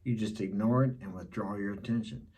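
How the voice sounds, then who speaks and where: A man's voice: lowish voice, steady tone, a little fast, warm tone, breathy edge. A middle-aged man giving blunt dating advice in a casual monologue, repeating his key points.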